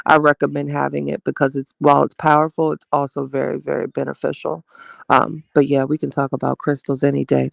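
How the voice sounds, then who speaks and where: A man hosting a casual live stream, chatting warmly with viewers and greeting them by name, calling them child and baby. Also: fairly high pitch, gravelly, dry recording.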